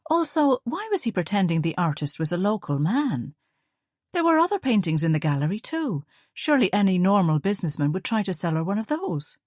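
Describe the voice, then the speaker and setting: A woman narrating an audiobook in a steady, measured storytelling manner. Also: mid-range voice, no echo, studio quality. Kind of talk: scripted narration.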